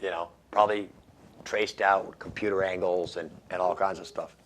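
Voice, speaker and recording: A man's voice: low voice, fairly even intonation, moderate pace, a bit bright, slight background noise. A man hosting a radio show, reading odd news stories and making wry jokes about them, laughing at his own lines. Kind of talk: casual comedic news commentary.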